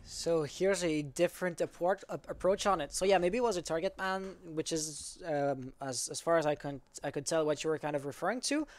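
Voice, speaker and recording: A male esports caster calling a live match, talking in a halting way, often stopping to correct himself. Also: a little high. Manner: halting, self-correcting, apologizes for stuttering.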